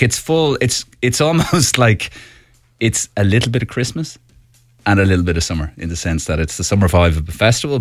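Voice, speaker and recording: A man guesting on a radio show, relaxed and blunt with dry humour. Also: sits low, no echo. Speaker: guest musician. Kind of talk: casual radio interview. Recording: dry studio.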